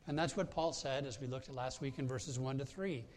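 A man's voice: medium pitch, fairly quick, darkish tone, a little hiss or hum. A man preaching a sermon as pastor, telling a personal story in a conversational way with frequent hesitations and restarts.

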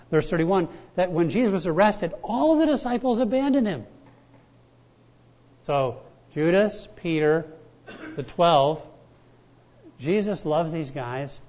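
Preaching in an easygoing, conversational style, a male pastor with a slightly high voice for a man leans on repetition of his key words and chatty storytelling. The audio sounds dull and lo-fi.

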